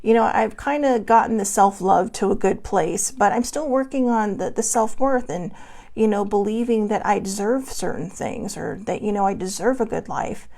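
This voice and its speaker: A woman's voice: medium pitch, normal speed, creaky, warm tone. A middle-aged woman hosting a casual self-help vlog from her desk at home, talking candidly and rambling with many fillers. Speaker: host.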